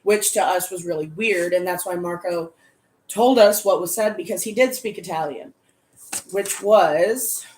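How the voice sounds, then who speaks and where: A woman casually recapping a tabletop horror game, animated and swearing freely. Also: lowish voice, unhurried, roomy sound, a little hiss or hum.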